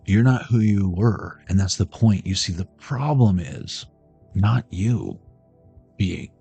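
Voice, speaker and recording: This middle-aged streamer takes his time over a joking card reading, riffing on pop culture for his audience. His low voice is gravelly, husky and dark, yet expressive, and soft music plays underneath.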